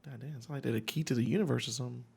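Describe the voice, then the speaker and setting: A man's voice: medium pitch, very fast, gravelly, darkish tone, breathy edge. Easygoing man reacting with curses. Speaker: podcast co-host. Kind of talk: casual chat.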